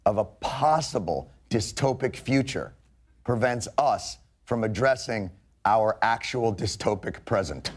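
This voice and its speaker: A man giving dry, sarcastic commentary. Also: medium pitch.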